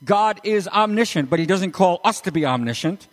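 A man preaching a sermon as pastor, animated and emphatic, with sudden rises in his voice. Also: high voice, moderate pace, big-room sound. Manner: animated, rising to emphatic peaks.

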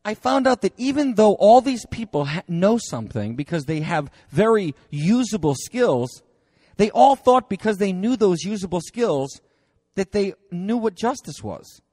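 Animated man lecturing by storytelling. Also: high-pitched, measured pace, no echo, clean studio sound. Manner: chatty and animated, many fillers and restarts, laughs at own stories.

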